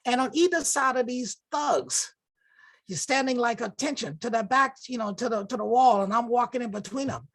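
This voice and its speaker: A woman from Alabama, a photojournalist telling a story on a panel in halting, restarting phrases. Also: fairly high pitch. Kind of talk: casual anecdote on a panel.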